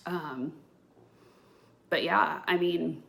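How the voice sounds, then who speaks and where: Gravelly low-voiced woman ranting casually. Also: extremely slow, bright, forceful tone. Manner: rambling, gossipy and blunt. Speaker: podcast host. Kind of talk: casual rant to camera.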